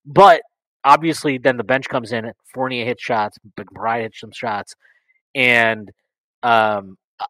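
A man co-hosting a podcast in casual sports chat, blunt and animated, swearing freely. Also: medium pitch, slow, dry recording, poor audio. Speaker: podcast co-host.

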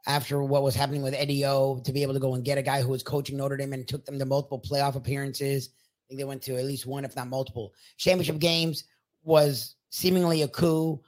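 A man co-hosting a sports betting talk show, speaking in a measured, mildly exasperated way. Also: medium pitch, level tone, a little mellow.

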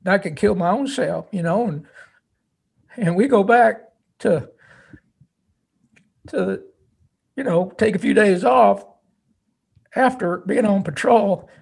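A young army veteran fighting back tears , voiced by a man retelling the story. He speaks in halting, repeated bursts with plain folksy grammar. His voice sits noticeably higher than the storyteller's own and strains as it rises. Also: creaky, slightly rough, exaggerated voice. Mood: choked up. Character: tearful young male army veteran, choked up.

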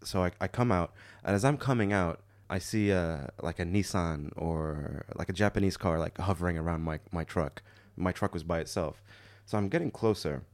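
Man, from Morocco, young adult, casual storyteller, laughs a lot, low pitch, dry recording. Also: normal speed, hardly any pauses, no echo. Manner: laughs often, animated when quoting people. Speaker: podcast host telling a story.

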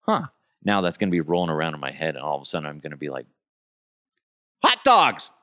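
A man hosting a comedy podcast, delivering a profane, mocking monologue full of quick impressions. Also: very deep voice, no echo, studio quality. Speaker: podcast host.

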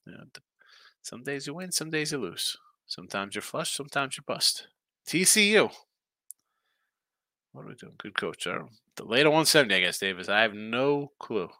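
A man hosts a casual live stream of sports picks, wandering from one game to the next and answering chat as he goes. His voice is bright and forceful at an average pitch. The sound is dry and close, with no room around it. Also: lively intonation, normal speed, pauses often, no room sound. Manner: rambling, thinking aloud, reacting to chat comments. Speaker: sports betting picks host.

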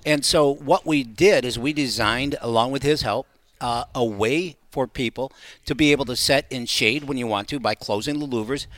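A man's voice: mid-range voice, moderate pace, fairly bright tone, no echo. A middle-aged man talking as a company guest on a radio show, enthusiastic and salesy. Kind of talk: casual radio chat.

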